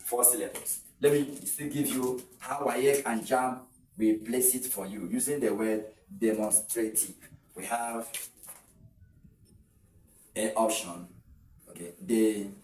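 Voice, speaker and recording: A man's voice: medium pitch, steady tone, slow pace, long pauses, darkish tone, distant mic, slight background noise. A man teaching an exam-prep lesson, explaining step by step and counting syllables aloud with fillers and restarts. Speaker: English tutor. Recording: echoey room, voice a little off-mic.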